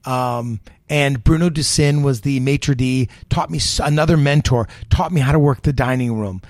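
A man in his sixties, a chef being interviewed, telling lively stories with frequent restarts. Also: medium pitch, normal speed, no room sound, studio quality. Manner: animated anecdotes with repeated restarts. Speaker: guest chef. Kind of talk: storytelling interview.

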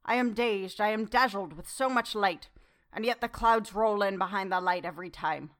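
A woman's voice: mid-range voice, fairly bright tone, close to an everyday voice. A woman voicing an old, fervent foreign professor. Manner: broken formal English, slow and fervent. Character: old male foreign professor, earnest, effusive. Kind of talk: audiobook character reading.

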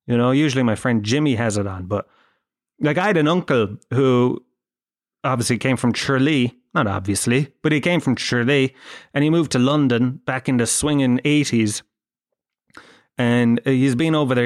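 An Irish man hosting a podcast, telling a rambling comic story full of swearing and self-mockery. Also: medium pitch. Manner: profane, self-mocking storyteller. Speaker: podcast host.

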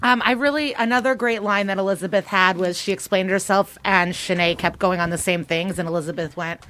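Chatty woman guest in mid pitch. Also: a little fast, fairly bright tone. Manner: chatty, quotes people for effect. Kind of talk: casual chat.

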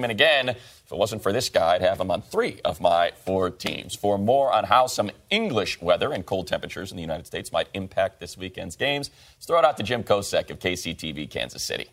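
A man hosting a fantasy football studio show, reading stats in a brisk, energetic way. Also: low voice. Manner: brisk, stat-heavy delivery. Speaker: host.

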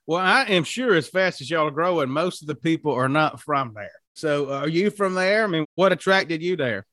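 Southern male host, folksy interviewer, slightly high pitch, dry recording. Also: animated, moderate pace, pushed and bright, no room sound. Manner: folksy, uses "y'all". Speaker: podcast host. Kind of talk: interview hosting.

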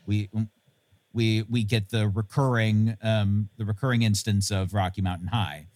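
A man's voice: lowish voice, steady tone, unhurried, a little mellow, dry recording. A man co-hosting a casual movie recap podcast, chatty and laughing, restarting his sentences as he goes. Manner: chatty, laughing, repeats words when starting a thought. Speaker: podcast co-host.

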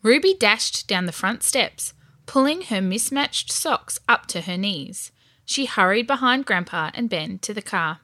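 A woman narrating a children's storybook in a lively, expressive way. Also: medium pitch, a little slow, no room sound, clean studio sound.

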